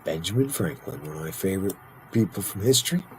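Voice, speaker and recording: A tired, punch-drunk man narrates his strategy game in a chatty, playful way, now and then slipping into mock-grand roleplay. His voice is fairly low and mellow. A faint noise floor sits under the recording. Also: expressive, quick pace, poor audio. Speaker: gaming video host. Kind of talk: casual let's-play commentary.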